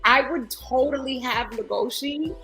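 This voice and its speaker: A woman from New York talks through ideas on a casual podcast, stopping and restarting with lots of fillers. Her voice is bright and forward. Faint music plays under the talk. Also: sits high, unhurried, poor audio. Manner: loose and conversational, many fillers. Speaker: podcast co-host. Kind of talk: casual chat.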